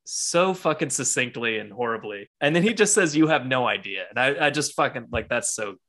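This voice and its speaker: Excitable bright-toned guy, podcast co-host, acts out quotes and swears freely. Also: mid-range voice, brisk. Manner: excited, heavy swearing, acts out characters' lines. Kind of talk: casual comic book discussion.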